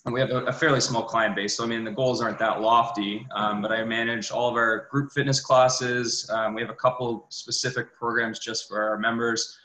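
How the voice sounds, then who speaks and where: A man's voice: medium pitch, flat delivery, brisk, hardly any pauses, sharp tone, roomy sound, rough recording. A young man on a group call asking for advice, hesitant and full of fillers. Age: young adult. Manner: hesitant, many fillers and restarts. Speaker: trainer asking a question. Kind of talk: casual question on a group call.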